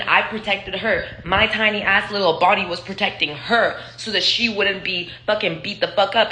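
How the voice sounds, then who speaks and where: A woman's voice: medium pitch, sharp tone. A woman in her twenties from Israel, telling personal stories in a loose, profane, rambling way with lots of fillers. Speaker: vlogger. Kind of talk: casual storytelling monologue. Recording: echoey room.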